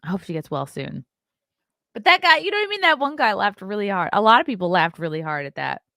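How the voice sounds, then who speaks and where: Her mid-range voice is gravelly and sharp, sing-song and fast, as this woman comedian and online host rambles over a clip in chatty, filler-heavy commentary. She's in a home room lit by colored lights. The audio is dry and studio-clean.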